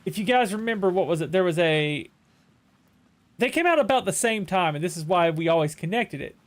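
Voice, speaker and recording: A man's voice: high-pitched, animated, a little fast. A male streamer chatting casually while playing a game, telling rambling stories with frequent restarts. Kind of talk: casual chat while gaming.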